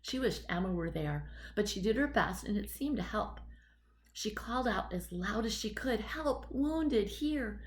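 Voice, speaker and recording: A woman narrating an audiobook story in a steady, measured storytelling voice. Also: mid-range voice, slight background noise, rough recording. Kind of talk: scripted narration.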